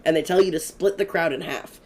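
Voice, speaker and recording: Excitable, profane young streamer guy. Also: fairly high pitch. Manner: excitable and profane, fast rambling storytelling with many fillers. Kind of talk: casual gaming stream chat.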